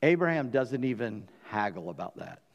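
Animated Southern pastor in a reverberant hall. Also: male voice, lowish voice, normal speed, creaky, muffled recording. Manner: animated, acting out dialogue in voices. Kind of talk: sermon.

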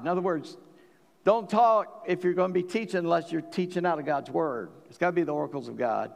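Folksy pastor preaching in a reverberant hall. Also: male voice, fairly high pitch, brisk, creaky. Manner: folksy, joking, animated when quoting scripture. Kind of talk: sermon.

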